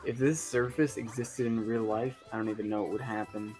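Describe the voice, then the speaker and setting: A man's voice: on the low side, fairly even intonation, brisk, a little mellow, faint music behind. A man chiming in with playful, giggly asides during casual video game speedrun commentary.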